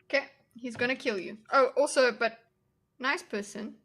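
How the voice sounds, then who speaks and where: A woman's voice: fairly high pitch, steady tone, brisk, a bit bright, a little hiss or hum. A woman streamer chatting casually and giggling as she reacts to videos with her viewers. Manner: giggly, chatty, talks to her chat while drawing a diagram. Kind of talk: casual reaction livestream chat.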